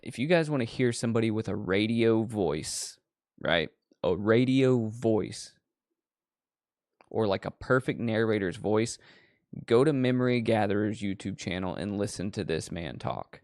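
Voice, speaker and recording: A man hosts a horror movie show and rambles from tangent to tangent with plenty of swearing. His voice sits low and sounds dry and close. He keeps the story going in a loose, animated way. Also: moderate pace, few pauses, no echo. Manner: profane, digressive, animated storyteller. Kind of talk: casual rambling chat.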